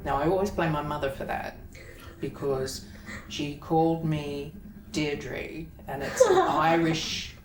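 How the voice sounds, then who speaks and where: Low-voiced woman, chatty actor guest. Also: expressive, slow pace, creaky, soft background music. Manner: chatty, rambling, laughs often. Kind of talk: casual interview chat. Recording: echoey room, mic at a distance, faint noise.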